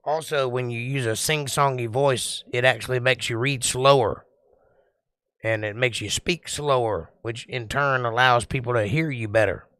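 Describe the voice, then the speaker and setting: Slow-talking man hosting a livestream. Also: mid-range voice, a bit bright, clear, resonant tone, dry recording. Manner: slow, deliberate, sing-song delivery. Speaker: livestream host. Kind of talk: casual chat reading viewer comments.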